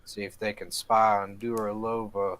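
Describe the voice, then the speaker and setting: A man's voice: fairly low pitch, flat delivery, normal speed, fairly bright tone, rough recording. A man playing a tabletop game in character, rambling and hesitant with many fillers. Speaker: player. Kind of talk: in-character tabletop role-play.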